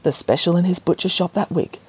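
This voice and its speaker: A woman voicing a dry, sardonic grandmother telling her grandchildren a story in a deadpan, mock-serious way. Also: on the low side, a little fast, breathy edge.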